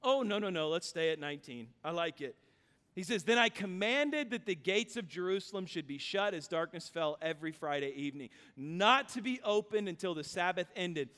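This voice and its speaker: A male pastor preaching a sermon, reading scripture aloud and then explaining it in an animated, humorous way. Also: sits high, moderate pace, clear, resonant tone. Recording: long reverb of a large hall.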